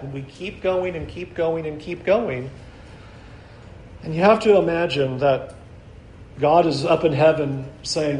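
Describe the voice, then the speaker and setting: A man preaching a sermon, earnest, slowing down to stress key lines and dropping to a soft voice at the most important ones. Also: fairly high pitch, lively intonation, roomy sound, slight background noise, low-quality recording. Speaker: pastor.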